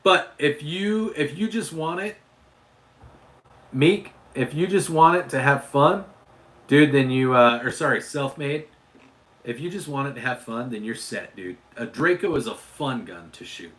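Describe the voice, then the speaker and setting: A man's voice: mid-range voice, lively intonation, unhurried, a bit bright. A man from Utah hosting a casual livestream, chatting with viewers and often restarting and repeating his words. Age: adult father. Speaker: livestream host.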